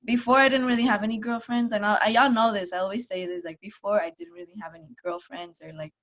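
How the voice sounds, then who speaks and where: A woman's voice: medium pitch, steady tone, quick pace, lo-fi sound. A young woman on a group call, gushing and close to tears, saying "y'all" a lot. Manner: tearful, gushing, says "y'all". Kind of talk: emotional call sharing.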